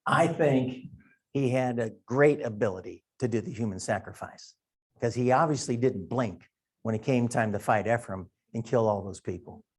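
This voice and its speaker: Man, middle-aged, from wisconsin, folksy bible class teacher, chatty and unhurried. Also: medium pitch, slightly rough. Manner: conversational, folksy, thinking aloud. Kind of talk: Sunday school Bible lesson.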